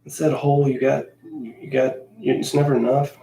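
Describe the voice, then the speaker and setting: A man's voice: mid-range voice, level tone, normal speed, vocal fry, warm tone, echoey room. A man chatting casually as he paints miniatures, grumbling and making fun of himself. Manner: grumbling, self-mocking complaints; talks in a coaxing sing-song to his cat. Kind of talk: casual chat while painting.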